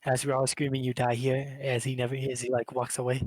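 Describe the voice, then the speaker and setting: A man's voice: medium pitch, monotone, fast talker, a little mellow, no room sound, poor audio. A man, a team player, bluntly explaining his winning game in a casual interview.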